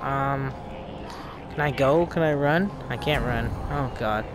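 A man commenting on his own gameplay, excitable and quick to yelp and laugh at scares. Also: mid-range voice. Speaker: gamer. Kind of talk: let's play commentary. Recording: game sounds and noise behind.

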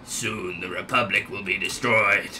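A man voicing a menacing evil male galactic overlord with a croaky, drawn-out villain growl and slow, theatrical gloating. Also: lowish voice, fairly even intonation, sharp tone, a little hiss or hum, pitched below the performer's own voice, heavily acted.

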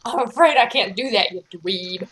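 A woman's voice: medium pitch, expressive, normal speed, fairly bright tone, roomy sound, slight background noise, natural voice. A woman voicing a sneering male ghost villain in an amateur fanfic read-aloud, taunting and name-calling.

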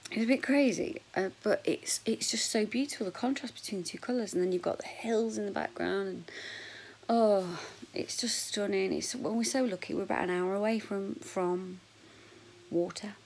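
A woman in her forties with a husky voice, chatting frankly and jokily to camera in a casual vlog, sometimes dropping to a whisper. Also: mid-range voice, normal speed, a little mellow, a little hiss or hum, rough recording. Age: 40s. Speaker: vlogger.

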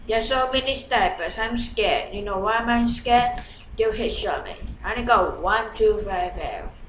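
Woman gamer rambling live over her match, slow talker, jumpy mutters and yells, roomy echoey mic with a bit of hiss. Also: mid-range voice. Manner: excitable, chatty, swings from mutters to shouts. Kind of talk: live gameplay commentary.

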